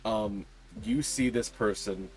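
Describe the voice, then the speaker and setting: Low-voiced male game master. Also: takes it slowly, a little mellow, a little hiss or hum. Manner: descriptive, hesitant with frequent ums and uhs. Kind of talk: narrating a tabletop game.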